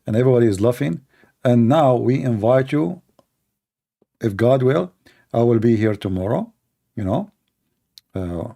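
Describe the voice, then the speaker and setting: Gravelly, hoarse, combative male streamer. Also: medium pitch, warm tone. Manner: heated, mocking, combative. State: hoarse from shouting. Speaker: host of a live call-in debate stream. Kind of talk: live-stream monologue.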